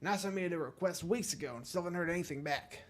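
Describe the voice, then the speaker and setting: Casting: man reading a harried game groundskeeper, flustered, slightly raised pitch. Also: quick pace, lightly acted.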